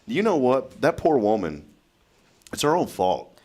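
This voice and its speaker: A man's voice: fairly low pitch, lively intonation, takes it slowly. A man hosting a casual morning talk show, telling stories and laughing often. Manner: chatty storyteller, laughs often. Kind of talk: casual chat.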